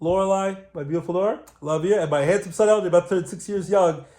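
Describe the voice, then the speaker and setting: A man's voice: high voice, fast talker, warm tone. Chatty man rambling through sports news. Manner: rambling, hops between topics with fillers. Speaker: sports show host. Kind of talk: casual solo sports talk.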